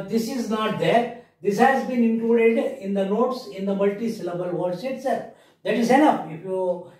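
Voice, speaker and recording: A man teaching an English grammar lesson with an Indian English accent, slowly repeating words and spelling them out letter by letter. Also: high voice, darkish tone. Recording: echoey room, mic far off.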